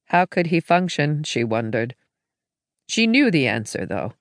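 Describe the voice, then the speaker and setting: A woman narrating a science fiction audiobook in a measured, even storytelling manner. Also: low-pitched, no room sound, studio quality.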